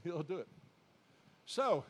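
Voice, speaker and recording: A man preaching a sermon as pastor, exhorting his congregation in a folksy, repetitive way that builds to loud emphatic declarations. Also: sits high, big pitch swings, slow pace.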